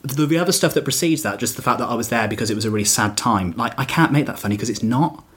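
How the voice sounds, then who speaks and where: A man's voice: mid-range voice, quick pace, fairly bright tone, breathy edge. A male stand-up comedian in casual podcast chat, talking reflectively with fillers and restarts.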